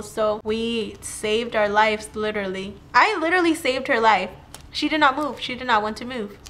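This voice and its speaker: A young woman telling a personal story to camera in a chatty, animated way, with "like" all through her talk. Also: a little high. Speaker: vlogger. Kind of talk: casual storytime.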